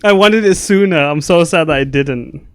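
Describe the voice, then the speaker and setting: A man's voice: fairly high pitch, moderate pace, dry recording, clean studio sound. Man narrating a tabletop game. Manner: loose, filler-heavy narration with restarts. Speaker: game master.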